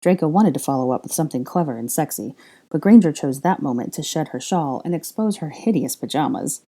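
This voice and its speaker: Low, mellow-voiced woman narrating a story. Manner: measured, even reading with wry asides. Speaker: fan fiction reader. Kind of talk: audiobook narration.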